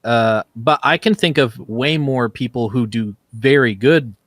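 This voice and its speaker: A man in casual podcast chat, giving thoughtful, measured opinions. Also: mid-range voice, fairly bright tone, dry recording, studio quality. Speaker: podcast co-host.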